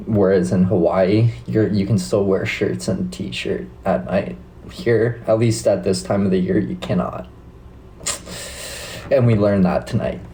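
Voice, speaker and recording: A man's voice: fairly low pitch, warm tone, slight background noise, poor audio. A young Canadian man with a Canadian accent, hosting a casual live stream, chatting laid-back with viewers and swearing freely. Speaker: livestream host.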